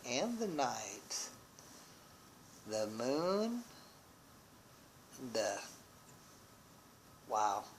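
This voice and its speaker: Slow, musing tarot reader. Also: medium pitch, creaky, a little hiss or hum, low-quality recording. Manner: musing, with frequent exclamations of wonder; thinks aloud with restarts and pauses. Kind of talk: tarot card reading.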